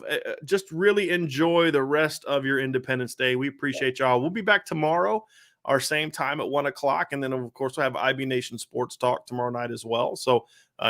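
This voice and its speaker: A man's voice: medium pitch, fairly bright tone. A man hosting a sports talk podcast, chatting casually and rambling with lots of filler words. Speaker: podcast host.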